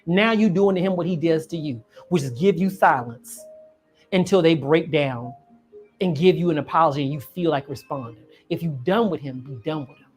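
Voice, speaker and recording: A woman's voice: deep voice, normal speed, a little mellow, faint music behind. A woman telling a personal story, dramatic and vivid, acting out each scene and calling the listener honey. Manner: dramatic, acts out scenes and voices.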